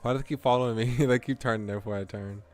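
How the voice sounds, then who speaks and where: A man's voice: medium pitch, steady tone, very fast, soft background music. A man streaming as a VTuber, chatting casually and laughing while he plays a game. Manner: chatty, rambling, laughs often. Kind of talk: casual gameplay commentary.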